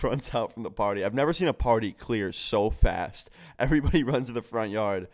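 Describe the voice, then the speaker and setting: A young man telling a vlog story in an animated way, with heavy swearing and frequent "like". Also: on the low side, smooth. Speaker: vlogger.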